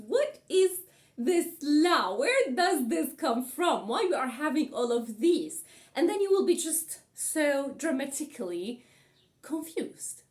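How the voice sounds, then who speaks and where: A woman's voice: sits high, a little mellow. A woman with a Levantine Arabic accent teaching an online language lesson, emphatic and repeating her key points.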